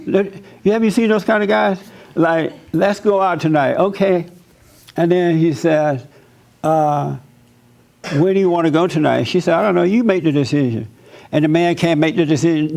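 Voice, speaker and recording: A man's voice: on the high side, normal speed, vocal fry, darkish tone. Blunt joking male pastor. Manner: blunt, joking, laughs often. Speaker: pastor hosting a church talk. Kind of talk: casual church counseling chat.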